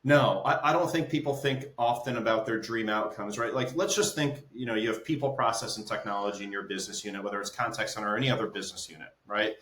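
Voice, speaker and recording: A man's voice: lowish voice, fast talker, hardly any pauses, fairly bright tone. A male business consultant as an interview guest, explaining through stories and checking in with "right?". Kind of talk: conversational interview. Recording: roomy echo.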